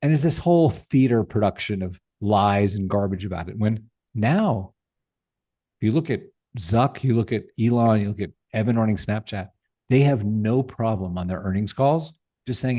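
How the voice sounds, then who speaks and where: A middle-aged tech founder, appearing as a podcast guest, talks passionately and emphatically, leaning on rhetorical questions in animated interview talk. His voice is lowish with a dark tone, and he's animated at a moderate pace.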